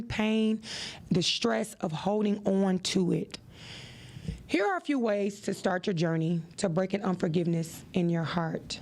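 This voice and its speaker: Woman host with a gravelly edge, preachy and animated. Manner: animated and preachy, with expressive rises in pitch. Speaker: podcast host. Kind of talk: motivational podcast talk.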